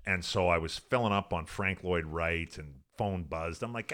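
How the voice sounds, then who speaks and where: A man telling profane, animated stories as a podcast guest, laughing as he goes. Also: low-pitched, moderate pace. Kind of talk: casual storytelling.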